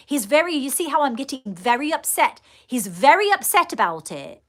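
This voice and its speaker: A woman leading a live channelling stream, speaking in halting, repeated phrases and calling her viewers darling. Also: fairly high pitch, sing-song. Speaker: psychic medium.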